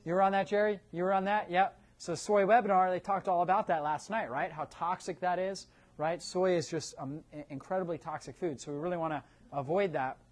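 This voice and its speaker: In a room with a live audience, a nutrition seminar presenter lectures in a high, steady, brisk voice. He throws questions at the audience and keeps checking in with a tag "right?"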